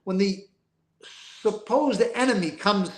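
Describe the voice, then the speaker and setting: Older guy, street-wise and emphatic, higher-pitched voice, recorded in a roomy space. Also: slow pace. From East Boston. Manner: emphatic, rambling, street-talking, profane. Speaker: guest. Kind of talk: casual interview storytelling.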